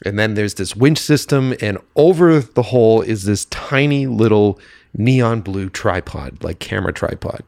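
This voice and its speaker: A man on a podcast, a filmmaker guest, telling a story from his film set in a lively, casual way and swearing freely. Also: lowish voice, a little slow, gravelly, no echo. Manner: animated storyteller who swears freely and acts out quoted dialogue.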